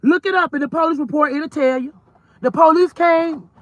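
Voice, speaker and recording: A woman's voice: sits high, normal speed, dry recording, lo-fi sound. Blunt, heated woman ranting. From Georgia, US. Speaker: mother vlogger. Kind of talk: casual ranting vlog. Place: in a car while driving.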